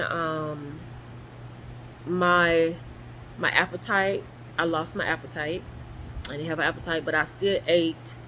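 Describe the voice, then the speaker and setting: A woman telling her own story in a casual, animated way, acting out the voices of the people in it, while sore and recovering at home. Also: fairly low pitch, slight background noise, rough recording. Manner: animated, acts out quoted voices. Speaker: vlogger. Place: guest room at home.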